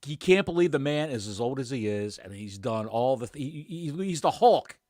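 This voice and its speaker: A man's voice: mid-range voice, moderate pace, dry recording, studio quality. A man co-hosting a wrestling podcast in casual chat, telling stories with jokey asides. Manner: animated storyteller, jokey asides. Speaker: podcast co-host.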